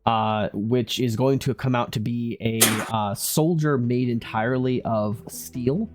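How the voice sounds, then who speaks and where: A man's voice: mid-range voice, measured pace, over music. Hesitant game master, a man. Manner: hesitant, many fillers. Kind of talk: narrating a tabletop game.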